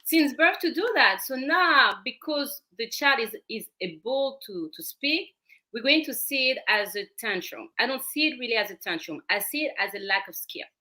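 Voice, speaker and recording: A woman's voice: fairly high pitch, lively intonation, normal speed, sharp tone. A woman with a French accent, a parenting coach explaining her method step by step as a guest on a talk show. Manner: explains step by step, repeating phrases.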